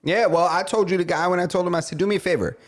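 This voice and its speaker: A podcast co-host with a high male voice talks rapid-fire, telling a story in casual chat. He's an animated storyteller who acts out the people involved, voicing their quoted lines.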